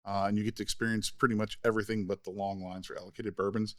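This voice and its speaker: Lively storytelling man, low dry voice. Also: quick pace, no room sound. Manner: animated storyteller, acts out quoted voices. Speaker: podcast co-host. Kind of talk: casual podcast chat.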